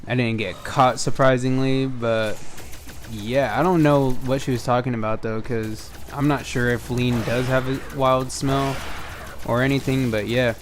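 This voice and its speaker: A man's voice: medium pitch, measured pace, slight background noise. A young man hosting a storytime video, casually recounting a tale over gameplay, acting out the dialogue and swearing freely. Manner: animated retelling, acts out dialogue, frequent swearing. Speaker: storytime gaming channel host.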